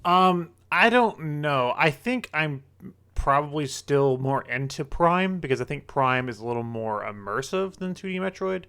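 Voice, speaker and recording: A man co-hosting a gaming podcast, talking enthusiastically in halting bursts full of "like". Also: a little high, animated, bright, forceful tone, smooth. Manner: enthusiastic, halting, heavy use of "like". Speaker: podcast co-host. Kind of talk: casual gaming podcast chat.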